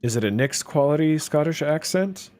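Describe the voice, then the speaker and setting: A man's voice: a little high, expressive, moderate pace, a little mellow. Chatty man commenting on a game. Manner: chatty, hesitant, wry. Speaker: gameplay streamer. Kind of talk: casual gameplay commentary.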